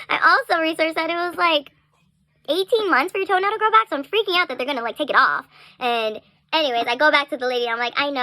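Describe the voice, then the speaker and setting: In an easygoing vlog, a young woman recounts a story with animated chatter, plenty of "like," and little bursts of laughter. Her voice rides high, and the recording is dry.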